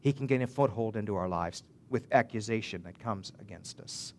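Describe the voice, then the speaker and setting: A man's voice: on the low side, brisk, slight background noise. A male pastor preaching a sermon in an earnest way, building to emphatic swells and often restarting his phrases.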